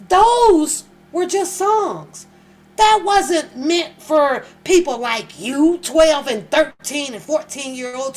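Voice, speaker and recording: A woman's voice: high voice, slight background noise. A woman hosting a reaction channel, giving blunt, mocking, profane commentary and repeating phrases for emphasis.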